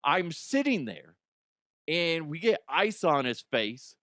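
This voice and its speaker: A man's voice: a little high, big pitch swings, slow pace, a bit bright, dry recording, clean studio sound. A man hosting a podcast, telling stories in rambling, profane casual chat and often laughing at himself. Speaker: podcast host.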